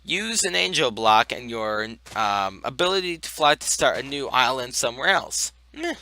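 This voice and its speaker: A man's voice: mid-range voice, expressive, moderate pace, bright, forceful tone, no room sound. A tired young man in casual game commentary, rambling with lots of fillers. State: tired, yawning. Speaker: gaming video host.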